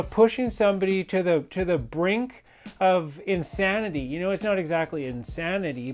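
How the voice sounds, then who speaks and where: A man's voice: high-pitched, a little mellow. A man telling a personal story in an intense, emphatic monologue, rambling with many fillers and restarts. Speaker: fitness and yoga instructor sharing personal stories.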